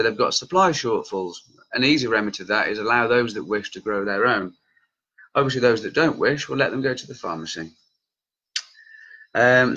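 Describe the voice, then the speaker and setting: A man in his late thirties speaks with a lowish but bright, forceful voice, heated and passionate as he addresses his viewers directly. The sound is dull and lo-fi, like a home recording. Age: late 30s. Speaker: cannabis campaigner and group leader. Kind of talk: vlog commentary reacting to news.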